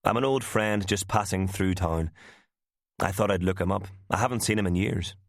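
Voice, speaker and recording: A man reading the part of a charming, calculating gunman on the run, with a smooth, persuasive manner. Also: low voice, moderate pace, no echo, studio quality.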